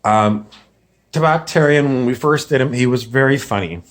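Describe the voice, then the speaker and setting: A man's voice: mid-range voice, normal speed. A man who makes comedy sketches, rambling through a self-critical recap of one of them and using many fillers. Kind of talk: casual commentary on his own sketch.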